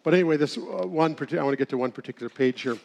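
Middle-aged guy with a pretty high voice, folksy church talk, chuckles while telling stories. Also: rapid-fire, vocal fry, a little mellow. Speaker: speaker at a church seminar. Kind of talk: humorous sermon-style talk.

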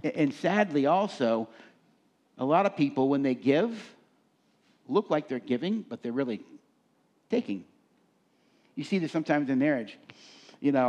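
A male pastor preaching a sermon who asks the congregation to fill in words and rises into animated scripture reading. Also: medium pitch, highs cut off.

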